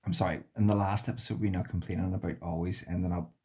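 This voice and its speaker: Husky deep-voiced man with dry humour. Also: steady tone, fast, a little mellow. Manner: dry, wry ribbing. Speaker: podcast guest. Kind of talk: casual chat.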